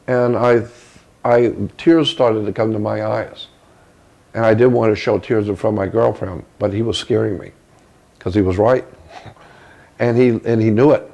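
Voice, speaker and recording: A man being interviewed, recounting a personal story in a halting way, often repeating words as he searches for them. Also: fairly low pitch, steady tone, vocal fry, mellow. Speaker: interview guest.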